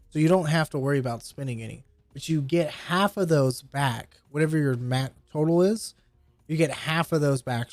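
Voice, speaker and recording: A man's voice: mid-range voice, darkish tone, dry recording. A man running a tabletop game, patiently explaining rules and narrating scenes with loose fillers. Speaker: game master.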